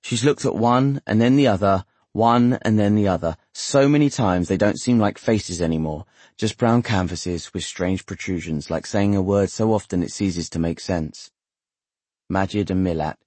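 A man narrating a literary novel in a measured, steady, wry manner. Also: deep voice, dry recording. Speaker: audiobook narrator.

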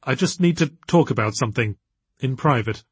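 A man's voice: mid-range voice, lively intonation, a little fast, slightly rough, no room sound. A man voicing a nervous, anxious but determined young woman in a raised, tense voice.

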